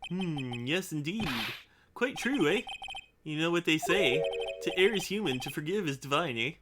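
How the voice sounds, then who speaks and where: A woman's voice: low-pitched, expressive, very noisy. A woman doing a bumbling old Canadian judge. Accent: Canadian, put on. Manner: ends lines with a drawn-out "eh?". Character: fussy older male judge, slow-witted. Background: loud game music.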